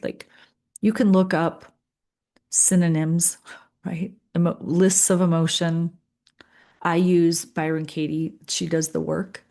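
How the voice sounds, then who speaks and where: A middle-aged woman leading a guided coaching session, calm and earnest, repeating phrases with pauses. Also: lowish voice, gravelly. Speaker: leadership coach.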